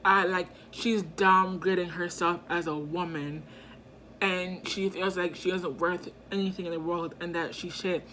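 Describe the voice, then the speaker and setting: A woman's voice: fairly low pitch, unhurried, slight background noise. Chatty young woman telling a storytime. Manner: chatty, animated, lots of fillers, slang. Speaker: vlogger. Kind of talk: casual storytime.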